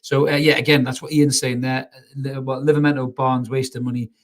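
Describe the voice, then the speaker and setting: A man's voice: mid-range voice, little pitch movement, a little fast. Bloke on a live stream, fed up and swearing, blunt rant about his team. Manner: angry, blunt, swearing, reads out viewer comments. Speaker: football fan channel host. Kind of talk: live match reaction rant.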